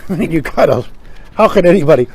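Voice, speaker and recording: A man's voice: fairly high pitch, animated, brisk, darkish tone, slightly rough, no room sound. A man hosting a casual comedic monologue, wry and joking, acting out quoted gags. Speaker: host.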